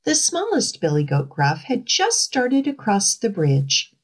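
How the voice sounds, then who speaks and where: A woman children's librarian reading a fairy tale aloud at storytime, slow and expressive. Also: medium pitch. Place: outdoors in a library garden.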